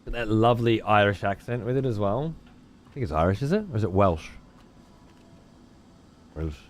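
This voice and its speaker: A man's voice: lowish voice, expressive, moderate pace, slight background noise. A man streaming a game, chatting casually and swearing freely while answering his chat. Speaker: let's play streamer. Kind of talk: casual gameplay commentary.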